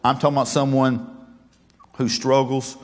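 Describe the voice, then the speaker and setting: A man's voice: medium pitch, level tone, moderate pace, long reverb tail. A male pastor preaching a sermon, folksy and joking, then earnest and emphatic.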